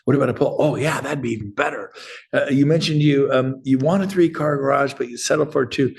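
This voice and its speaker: A middle-aged man who coaches real estate agents, giving an energetic, rambling motivational talk on a group video call and acting out bits of dialogue. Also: medium pitch, fast, vocal fry, breathy edge.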